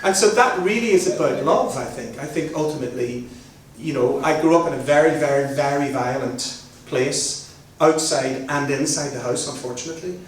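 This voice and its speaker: A man's voice: a little high, normal speed. A middle-aged man with a Belfast accent, giving a chatty, joking talk to a live audience. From Northern Ireland. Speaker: guest speaker. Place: large hall with an audience. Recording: very echoey hall, mic at a distance, faint noise.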